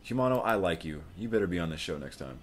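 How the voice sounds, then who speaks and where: A young man from Florida, hosting a live fight watch-along, talking in an excitable, rambling way full of swearing. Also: deep voice, fast, slight background noise. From Florida, USA. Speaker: livestream host.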